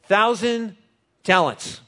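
A man's voice: sits high, takes it slowly, pushed and bright, pitched above the performer's own voice, heavily acted. A man voicing a demanding king who gloats as he calls in a servant's debt, in a playful sermon retelling. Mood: gloating.

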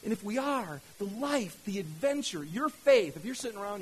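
A man's voice: high voice, sing-song, normal speed, hardly any pauses, a little hiss or hum, low-quality recording. A man preaching a sermon as pastor, fired up and often restarting his words. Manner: fired-up, repetitive, stammering restarts.

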